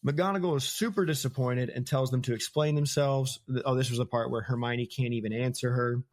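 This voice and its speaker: A man's voice: medium pitch, fairly even intonation, a little fast. A young American man hosting a podcast, casually retelling book chapters and laughing often. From United States. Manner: laughs often, paraphrases scenes in slangy voices. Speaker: podcast host. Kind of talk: casual book-discussion chat.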